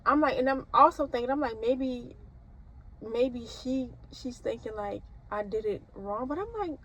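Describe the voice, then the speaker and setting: A woman's voice: fairly high pitch, expressive, measured pace, fairly bright tone, muffled recording. A young woman nursing student, rambling casually to camera with lots of fillers and restarts. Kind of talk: casual vlog talk.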